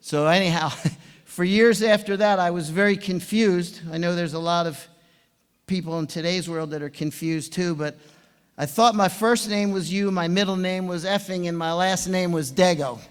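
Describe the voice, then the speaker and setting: Animated older man telling stories in a hall. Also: high-pitched, normal speed, clean tone. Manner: animated storyteller, chuckling. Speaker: swim coach giving induction speech. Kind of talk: anecdotal speech to an audience. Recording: long hall reverb.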